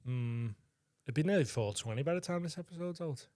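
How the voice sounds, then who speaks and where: A man's voice: fairly high pitch, animated, brisk, mellow, no room sound, studio quality. A man co-hosting a comedy podcast, tipsy from vodka, telling crude rambling stories and laughing a lot. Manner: giggly, crude, rambling storyteller. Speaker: podcast co-host.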